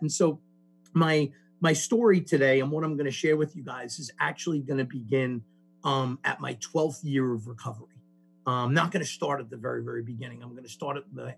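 A man sharing his recovery story with a group, telling it in an animated way with many restarts. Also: medium pitch, vocal fry, husky. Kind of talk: personal testimony to a group.

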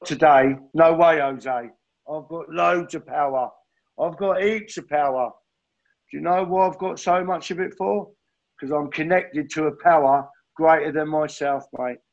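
A man gives an earnest, heartfelt testimony about his recovery at a group meeting and keeps calling his listeners "mate". His voice sits a little high and has a gravelly edge. The recording sounds slightly dull and muffled. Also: fairly even intonation, measured pace. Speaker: recovering addict sharing at a meeting.

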